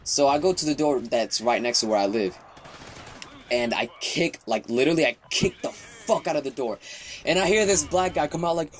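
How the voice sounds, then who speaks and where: A man's voice: fairly high pitch, animated, normal speed. A teenage boy vlogging, telling a childhood story in a rambling, profane way with laughs and restarts. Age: teens. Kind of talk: casual storytelling.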